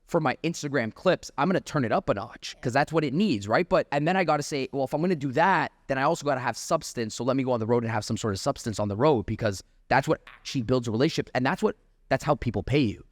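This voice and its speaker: Fast-talking, energetic man. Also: mid-range voice, no room sound. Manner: fast, energetic, lots of "like" and restarts. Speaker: sales trainer, guest. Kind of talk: casual podcast chat.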